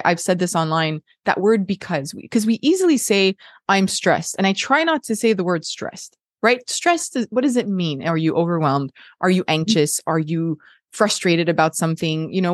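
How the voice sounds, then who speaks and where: A woman's voice: mid-range voice, animated, normal speed, no echo, clean studio sound. A woman in her thirties hosting a casual parenting chat, thinking aloud with frequent restarts and laughs. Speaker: podcast host.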